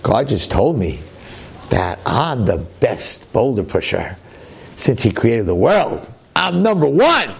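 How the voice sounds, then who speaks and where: A man's voice: mid-range voice, big pitch swings, slow, vocal fry, slightly rough, full character voice. A humble farmhand speaks plainly and earnestly, as a male storyteller plays him. His lines come across as simple and heartfelt. The voice stays close to the teller's own. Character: humble farmhand, later distraught.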